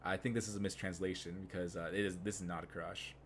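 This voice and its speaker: A man's voice: low voice, little pitch movement, fast talker, fairly bright tone, a little hiss or hum. A young man streaming live, rambling casually with many fillers and restarts.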